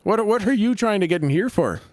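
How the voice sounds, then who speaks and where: A man voicing a gruff male gang doorman in a tabletop game. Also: high voice, expressive, brisk, no echo, soft background music, pitched above the performer's own voice. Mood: suspicious.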